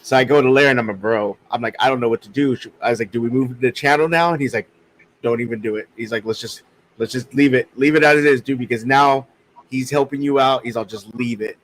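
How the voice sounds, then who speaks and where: Male co-host, mid pitch, relaxed storyteller, faint noise behind. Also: fast, low-quality recording. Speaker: podcast co-host. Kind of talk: casual chat.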